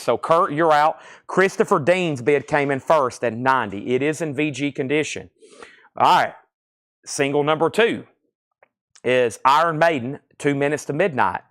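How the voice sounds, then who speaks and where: A man's voice: a little high, a bit bright. A man hosting a live online record sale, rattling off items and prices and often correcting himself. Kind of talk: live online sales stream.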